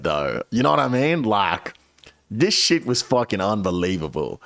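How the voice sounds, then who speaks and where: A man's voice: lowish voice, big pitch swings, measured pace, a bit bright. A male streamer telling a rambling, profane story to his viewers in a casual, chatty way.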